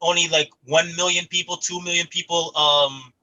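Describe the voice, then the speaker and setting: A man co-hosting a casual podcast, chiming in with quick, playful remarks. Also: a little high, fairly even intonation, sharp tone, poor audio. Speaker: podcast co-host. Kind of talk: casual chat.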